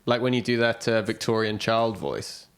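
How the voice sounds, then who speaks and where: A man's voice: fairly low pitch, steady tone, moderate pace, clear, resonant tone. A man in his thirties, a comedian co-hosting a casual comedy podcast, teasing his partner with dry banter.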